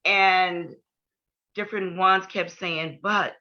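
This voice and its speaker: A woman's voice: lowish voice, measured pace. An older woman giving an earnest personal testimony in an interview, repeating key points for emphasis. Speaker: guest. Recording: dull lo-fi podcast audio.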